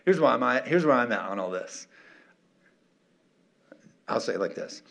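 A man's voice: medium pitch, expressive, a little slow, creaky, pauses often, fairly bright tone. A middle-aged male pastor preaching emphatically, firing off rhetorical questions and calling for amens. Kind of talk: sermon.

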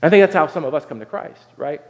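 A man's voice: fairly high pitch, lively intonation, fast. A man from Southern Ohio preaching a sermon as pastor, earnest and conversational, often stopping to ask "right?" and restarting phrases. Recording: dull sound with long hall reverb.

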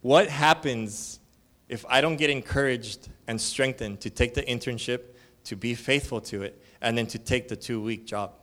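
This is a church elder preaching at a conference, his mid-range voice fairly bright and moving at a normal speed. He spins casual stories with slang and filler words, voicing each person in them differently.

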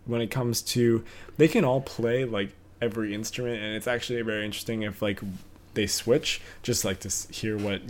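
A young man co-hosting a casual podcast, rambling and hesitant, full of fillers and laughter. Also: lowish voice. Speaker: podcast co-host. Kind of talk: casual chat.

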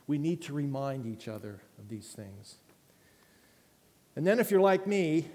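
A man preaching a sermon in an earnest, emphatic way, dropping to a hush at times. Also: a little high. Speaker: pastor. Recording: long hall reverb.

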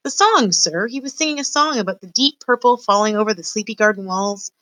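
A woman's voice: medium pitch, animated, a little fast, pushed and bright, dry recording. A woman voicing a small, polite young male mouse who answers earnestly in a storybook reading.

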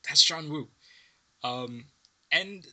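A man co-hosting a film podcast, chatting casually and excitedly about movie trivia, laughing and swearing often. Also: on the high side, extremely slow. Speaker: podcast co-host.

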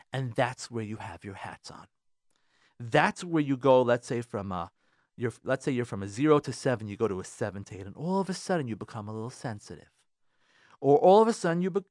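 A man hosting a radio advice show, lecturing listeners in a casual, animated way, repeating phrases and acting out what spouses say. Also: on the high side, dry recording, clean studio sound. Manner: animated, repeats himself, acts out spouses' complaints. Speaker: radio show host giving relationship advice.

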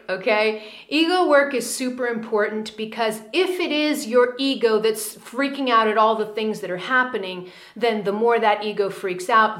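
A woman's voice: a little high, fairly bright tone. Woman coaching with a roomy echo. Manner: coaching, with frequent "okay?" and "all right?" check-ins; laughs often between points. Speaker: spiritual coach. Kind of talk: direct-to-camera advice video.

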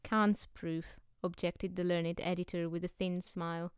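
A woman narrating a novel as an audiobook, with steady, even storytelling. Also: on the low side, moderate pace, clean tone, no echo, clean studio sound.

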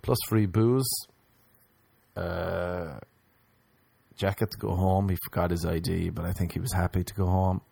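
A man's voice: fairly even intonation, unhurried, gravelly, long pauses, warm tone, slightly rough, no echo. Crude joking man on a podcast. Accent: non-local, remarked on by others. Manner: crude joking, mimics others in high voices. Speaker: podcast host. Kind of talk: casual storytelling chat.

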